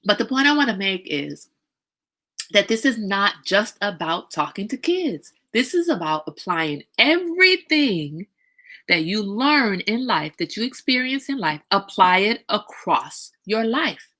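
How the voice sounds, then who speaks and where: A middle-aged woman hosting a casual livestream talk, outspoken and animated, now and then slipping into a high sing-song voice. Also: measured pace. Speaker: host.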